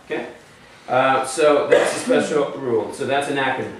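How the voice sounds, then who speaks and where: This is a classroom lesson in which a man of medium pitch teaches Hebrew grammar at a normal speed, laying out the rules in steps and testing his students. The background is noisy, and the mic sits far away in a very echoey room.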